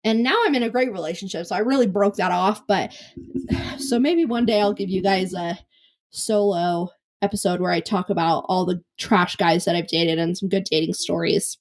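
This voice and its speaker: A woman's voice: fairly low pitch, normal speed. Young woman, podcast host, casual storytelling, self-deprecating, rambling, slightly tired voice, close mic. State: voice slightly worn from talking. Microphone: close podcast mic on camera.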